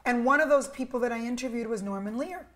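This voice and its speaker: A middle-aged woman with a New York accent, from Cuba, speaking in a high, bright register. She tells her story as an interview guest with animated, emphatic energy. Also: fast. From Cuba, raised in New Jersey. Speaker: interview guest, media executive. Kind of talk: casual conversational interview.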